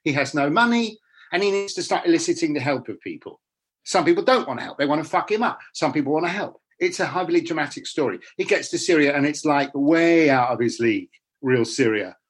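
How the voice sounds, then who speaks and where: A man's voice: on the high side, animated, brisk, husky. A middle-aged man, an actor talking bluntly and animatedly in a casual interview, often restarting his sentences.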